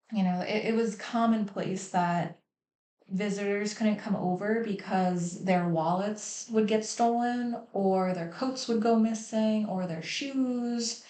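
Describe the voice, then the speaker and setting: A woman's voice: medium pitch, takes it slowly, dark tone. A woman hosting a livestream, talking candidly and emotionally about her family, swearing freely. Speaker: host. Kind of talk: candid personal talk on a livestream. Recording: echoey room.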